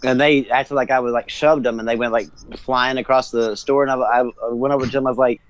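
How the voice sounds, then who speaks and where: A man's voice: mid-range voice, fairly even intonation, fast talker, no echo, poor audio. A married man with a kid, co-hosting a podcast in laid-back casual chat, laughing often. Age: adult parent. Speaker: podcast co-host.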